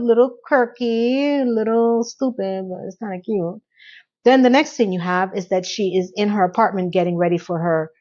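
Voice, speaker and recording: A woman's voice: mid-range voice, darkish tone, highs cut off. A woman giving a casual, sassy TV recap, talking straight to the viewer in a chatty way. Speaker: recap vlogger.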